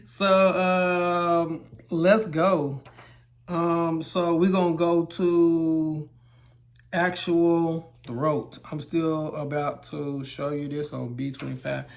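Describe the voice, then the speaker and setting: A man's voice: a little high, little pitch movement, very slow, gravelly. A man teaching welding terms in a casual explainer video, loose and rambling, repeating himself, with playful exaggerated asides. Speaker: welding instructor.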